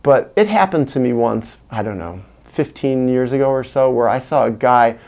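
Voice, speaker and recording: Gravelly-voiced man musing candidly. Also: mid-range voice, moderate pace, a little mellow. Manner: candid, earnest, searching for words. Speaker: vlogger. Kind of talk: reflective personal monologue.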